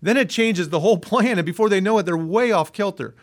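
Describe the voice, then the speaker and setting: A man's voice: high voice, fairly quick. A man being interviewed as a management consultant, explaining his advice earnestly, point by point. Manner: earnest, list-driven explaining. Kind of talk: interview answers.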